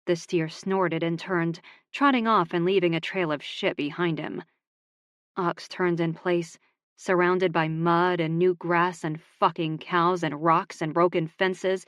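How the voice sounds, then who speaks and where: A woman narrating a contemporary romance audiobook in a steady, measured reading. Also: on the low side, no echo, clean studio sound.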